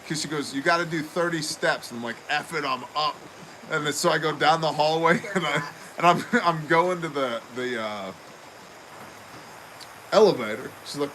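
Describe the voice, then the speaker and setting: A man's voice: fairly high pitch, moderate pace, a little hiss or hum, rough recording. A man co-hosting a casual show, telling a story with lots of laughter and acted-out quotes. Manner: animated storyteller acting out quoted voices, laughing often. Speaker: co-host.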